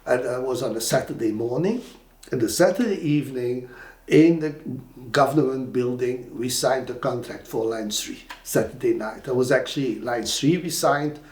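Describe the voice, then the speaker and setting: Older Flemish-accented male storyteller, animated and rambling, in a roomy reverberant room. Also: medium pitch, normal speed. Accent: Flemish Belgian. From Belgium. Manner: animated, with frequent fillers and restarts. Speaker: interviewee. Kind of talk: anecdotal storytelling. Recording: roomy echo.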